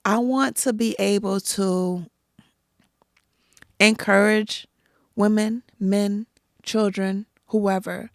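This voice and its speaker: Woman, podcast guest, gravelly low-edged voice, emphatic storytelling, dry close mic. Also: slow pace, pauses often, dry recording. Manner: animated, emphatic storytelling with acted-out quotes. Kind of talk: casual interview storytelling.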